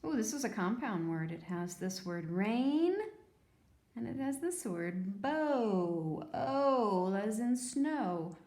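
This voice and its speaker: A woman teacher giving a phonics lesson to young children, sounding out words slowly and patiently. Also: mid-range voice, animated, darkish tone, echoey room.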